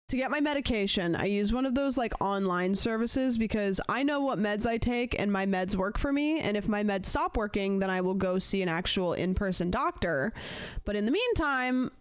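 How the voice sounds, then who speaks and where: A young woman streams from a dry, close-miked space, her voice smooth and clear. She rambles through a story for her chat, casual and animated, putting on quick voices for the people she quotes. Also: mid-range voice, no echo. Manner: chatty, animated retelling with acted-out quotes.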